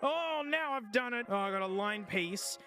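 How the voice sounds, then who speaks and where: Brief: male streamer, high and bright, jokey, excitable gamer chatter. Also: moderate pace, faint music behind. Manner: excitable, jokey, yelps and groans at the game. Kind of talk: casual live-stream gaming commentary.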